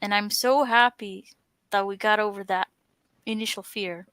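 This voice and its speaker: Bright, excited woman host. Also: medium pitch, moderate pace, clear, resonant tone, no echo. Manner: upbeat, excited, giggly. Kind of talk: casual group video call. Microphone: video call.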